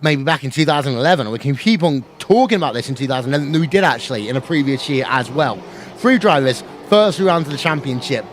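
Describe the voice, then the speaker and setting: A man giving fast, excitable play-by-play commentary on a sim race, building to shouts at the finish. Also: on the high side.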